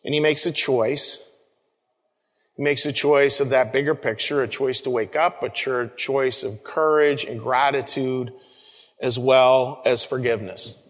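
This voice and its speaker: A man's voice: medium pitch, steady tone, measured pace, a bit bright. A male pastor giving a sermon in a conversational way, often repeating words and calling his listeners folks. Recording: long reverb of a large room.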